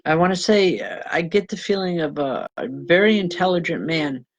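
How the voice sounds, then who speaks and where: Here a woman reverend, her voice on the low side with lively intonation and a moderate pace, gives viewers live spiritual readings; the audio has its highs cut off. Calling people hon and babe, she chats informally, breaks in with ums, restarts, and corrects herself. Frequent laughter and apologies to the audience mark her talk.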